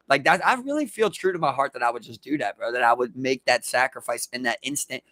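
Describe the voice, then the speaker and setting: Man, Baltimore accent, podcast co-host, animated storytelling, dry close mic. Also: mid-range voice, quick pace, few pauses, no echo. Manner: animated storytelling, swearing, acting out shouts. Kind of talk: casual chat.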